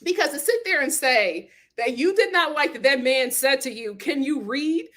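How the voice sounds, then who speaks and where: A woman's voice: sits high, moderate pace. A woman hosting a casual reality TV commentary vlog, talking emphatically and animatedly. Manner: emphatic, animated, acts out quotes. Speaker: host.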